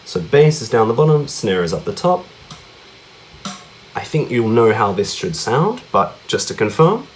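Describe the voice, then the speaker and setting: A faint hiss or hum sits under this man's medium-pitched, very animated voice as he speaks a little slowly. Teaching cajon in a laid-back lesson, he chats a lot, checks in with frequent "yeah?" and "right?" tags, counts beats, and vocalizes the drum strokes.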